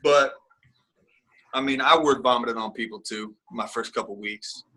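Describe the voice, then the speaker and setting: A man's voice: medium pitch, a little slow, pushed and bright, husky. A man speaking as a guest in a casual interview, rambling and candid, with lots of fillers and restarts.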